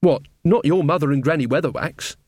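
A man voicing a prim, earnest young queen who speaks slowly and formally. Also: a little high, a little mellow, husky, no echo. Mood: haughty.

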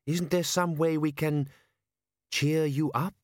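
Earnest gentle village girl, lifted pitch; male reader voices her. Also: steady tone, slow pace, no room sound, studio quality. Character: earnest young village woman.

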